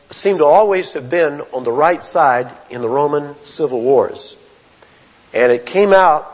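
A man preaching a sermon as a pastor, earnest and deliberate, often restarting his phrases. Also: mid-range voice. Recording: dull lo-fi sound with long hall reverb.

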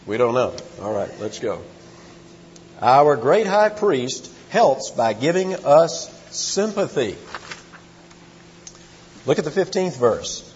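A man's voice: medium pitch, expressive, slow, long pauses, slight background noise. A man teaching a Bible study in a conversational, emphatic way, quizzing his listeners and reading scripture aloud. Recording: muffled echoey hall recording.

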